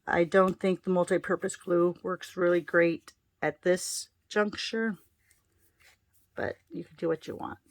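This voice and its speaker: A woman's voice: lowish voice, fairly even intonation, unhurried, dry recording. A woman giving a casual card-making tutorial, chatting her way through each step as she works.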